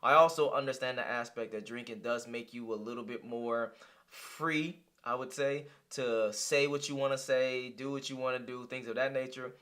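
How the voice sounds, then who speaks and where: A man's voice: mid-range voice, fairly even intonation, normal speed, a bit bright. A young man giving casual reaction commentary, blunt, profane and heated. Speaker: reaction streamer.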